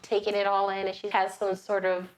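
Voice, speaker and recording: A woman hosting a casual movie recap, animated and acting out the characters' voices as she tells the plot. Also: mid-range voice, brisk. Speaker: podcast host.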